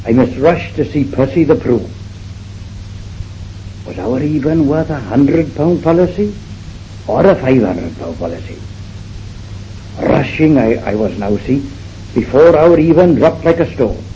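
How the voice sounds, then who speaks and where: A man's voice: mid-range voice, very animated, measured pace, pauses often, dark tone. A man with a Welsh accent playing a fretful, gossiping housewife in a comic monologue. He is flustered and breathless and keeps repeating himself. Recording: dull old recording with faint hiss.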